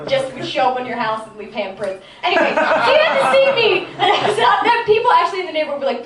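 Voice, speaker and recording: A woman's voice: high voice, fairly bright tone. A young woman from New Jersey doing a stand-up comedy set in a club, rambling and self-deprecating with lots of fillers. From New Jersey, USA. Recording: roomy club sound from a distance. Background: audience laughter.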